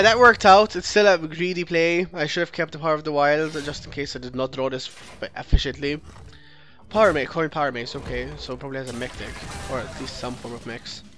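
A man with a fairly high, slightly bright voice narrates his own card game run at normal speed over soft background music. As a let's play host, he thinks aloud, corrects himself mid-sentence, and critiques his opponent's moves.

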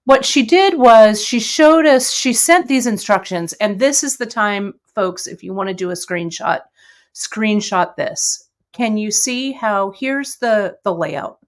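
A woman's voice: mid-range voice, expressive, a little slow. A middle-aged woman hosting a live jewelry-making stream, chatting with viewers in a friendly, rambling way full of fillers. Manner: chatty, warm greetings to viewers, many fillers. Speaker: bead shop host. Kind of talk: casual live-stream chat and jewelry demo.

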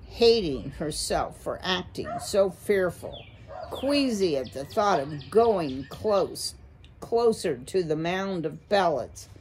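A woman slowly reading a children's chapter book aloud to listeners. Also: sits low, darkish tone, slightly rough. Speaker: storyteller.

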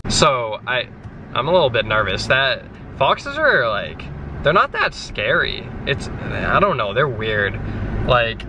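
A man's voice: mid-range voice, sing-song, slow, background noise. A young man telling stories in a casual vlog, rambling along with many fillers and restarts. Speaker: vlogger.

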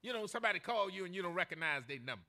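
An older male pastor preaches in a folksy, storytelling way and breaks into shouts for emphasis. His voice sits very high for a man and sounds bright, with a lively, swinging pitch. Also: rapid-fire. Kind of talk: sermon.

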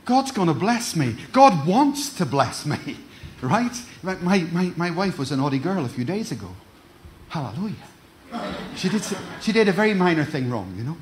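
A man's voice: a little high, sing-song, moderate pace, slight background noise. A middle-aged man preaching a sermon, calling out to the congregation and restarting words as he goes. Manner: preaching with call-and-response, repeats words, stumbling restarts. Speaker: pastor.

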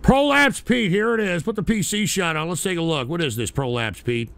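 An older man hosting a crude radio talk show, boasting and swearing, often breaking into loud shouting. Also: high voice, brisk, vocal fry.

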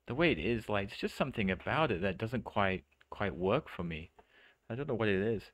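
A deep, low-pitched man rambles through a live game stream, thinking aloud and restarting his sentences often. His voice is close and dry, with no room sound around it. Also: dry recording. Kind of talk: casual let's-play commentary. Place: home streaming setup.

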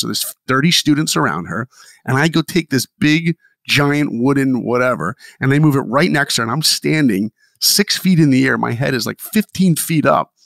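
A man who is a podcast guest, telling motivational stories in an animated and enthusiastic way. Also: medium pitch, gravelly, no room sound, clean studio sound. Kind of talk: motivational storytelling.

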